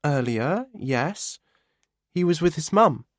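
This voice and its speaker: A guarded young woman, as a man puts her on for an audiobook, her voice pushed high and quick with sharp questions. The read is close and dry, with no room around it. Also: expressive, no room sound. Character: young woman, defensive and rattled.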